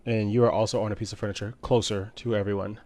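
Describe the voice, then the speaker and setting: A low-voiced man runs a tabletop game on a stream, talking loosely with plenty of ums and uhs. When the scene turns eerie he lowers his voice and slows down, keeping a relaxed flow. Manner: relaxed, many fillers, drops quiet for eerie narration. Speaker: game master.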